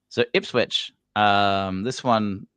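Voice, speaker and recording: A man's voice: on the low side, big pitch swings, extremely slow, a bit bright, smooth, no room sound. A man co-hosting a casual live-stream football chat, easygoing, chuckling often, trailing off and correcting himself mid-sentence. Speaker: fan channel co-host.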